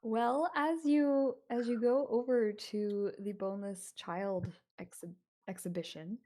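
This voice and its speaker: A woman running a tabletop horror game as game master, narrating scenes in an unhurried way with fillers. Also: a little high, fairly even intonation, warm tone.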